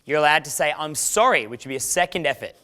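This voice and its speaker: Casual dating coach, clear voice. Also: male voice, on the high side, very fast, bright, forceful tone. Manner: casual, swearing, acts out quoted lines. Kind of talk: instructional talk.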